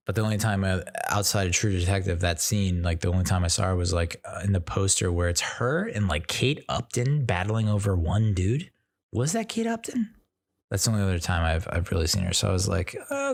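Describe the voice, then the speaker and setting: A young man hosting a movie podcast, talking casually and rambling with lots of fillers and restarts. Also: low voice. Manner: rambling, filler-heavy, self-interrupting. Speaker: podcast host reviewing movies.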